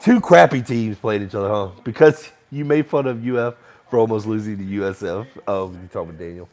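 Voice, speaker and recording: A young man hosting a casual live sports chat, rambling between opinions and reacting loudly to plays as he watches. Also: lowish voice, brisk. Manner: rambling, excitable, shouts and laughs at plays. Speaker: sports show host.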